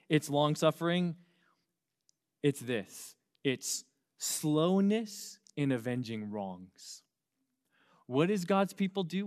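Earnest man preaching a sermon. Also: on the high side. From United States. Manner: earnest, shifts between loud emphasis and quiet asides. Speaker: youth pastor.

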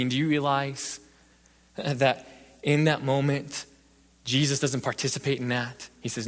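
A male pastor giving an evening sermon and prayer, preaching emphatically with repeated rhetorical questions and swinging between intense passages and hushed ones. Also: mid-range voice, flat delivery, normal speed, long pauses. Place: church sanctuary. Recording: long hall reverb.

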